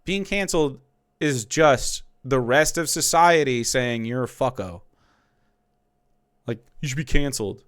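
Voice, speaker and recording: A man's voice: medium pitch, a little slow, fairly bright tone, clean tone, dry recording, studio quality. A man streaming and ranting about politics in a heated, profane, mocking way.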